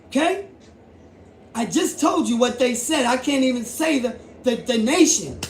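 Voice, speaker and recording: A man hosting a commentary vlog, talking emphatically, repeating himself and building up to shouting. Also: very high-pitched, lively intonation, a little slow, slight background noise. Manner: emphatic, repetitive, rising to shouts. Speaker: YouTube host. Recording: echoey room.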